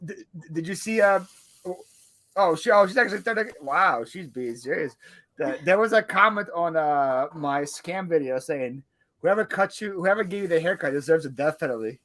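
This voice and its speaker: A man's voice: on the high side, lively intonation, moderate pace, fairly bright tone. A man from Russia co-hosting a casual livestream, playful and teasing. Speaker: livestream co-host. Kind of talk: casual live chat.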